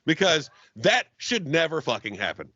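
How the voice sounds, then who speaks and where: A young man co-hosting a comedy podcast, ranting and mocking his partner with loud, profane banter. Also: a little high, wildly swooping pitch, moderate pace, no echo, highs cut off. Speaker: podcast co-host.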